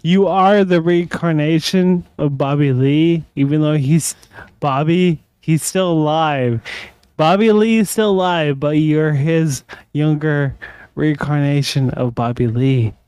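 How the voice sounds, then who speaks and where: A man's voice: fairly high pitch, slow pace, a little mellow, smooth, dry recording. A drunk man co-hosting a podcast, rambling and repeating himself with bursts of laughter. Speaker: podcast co-host. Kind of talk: casual chat.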